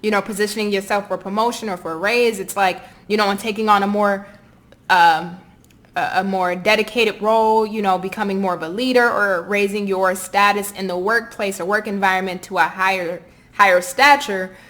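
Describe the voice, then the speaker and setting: A woman's voice: mid-range voice, fairly even intonation, moderate pace, a bit bright. Chatty Southern woman reading tarot. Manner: chatty, encouraging, talks straight to viewers. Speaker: tarot reader.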